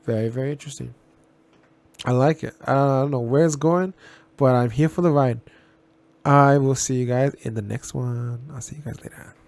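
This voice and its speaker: A man's voice: mid-range voice, moderate pace, gravelly, darkish tone. A man talking casually as a reaction video host, rambling, restarting and repeating himself, blunt and given to swearing.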